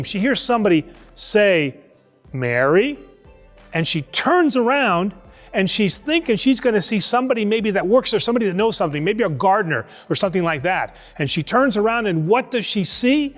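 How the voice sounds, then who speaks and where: A priest telling a Bible story to children in a lively, conversational way, acting out the voices. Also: male voice, high voice, big-room sound. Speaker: priest teaching Sunday school. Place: church.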